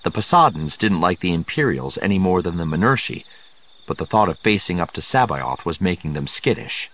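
A man narrating an audiobook in a measured storytelling manner. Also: low voice, very animated, fairly bright tone.

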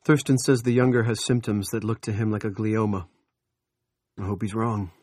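A man voicing an urgent small-town doctor who gives brisk, commanding orders. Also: lowish voice, steady tone, darkish tone, no room sound, clean studio sound, lightly acted. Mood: grave.

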